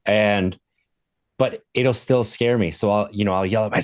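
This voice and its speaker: A man in his thirties with a fairly low voice speaks as a podcast guest and sobriety coach. He tells stories from his own life in an earnest, conversational way. The recording is dry and close. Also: moderate pace, no room sound. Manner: earnest storyteller, retelling moments from his life.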